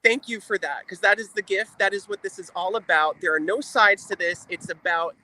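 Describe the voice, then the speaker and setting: A man's voice: high-pitched, brisk, bright, forceful tone. A man speaking as a guest on a livestream, earnest and emotional, repeating phrases for emphasis. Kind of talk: earnest heartfelt talk.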